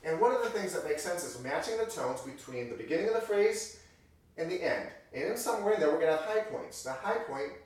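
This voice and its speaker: A man's voice: fairly high pitch, lively intonation, fairly quick, a little mellow. A man teaching a piano lesson in a conversational way, often correcting himself and acting out example sentences to show phrasing. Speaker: music teacher. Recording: very echoey room, voice distant from mic.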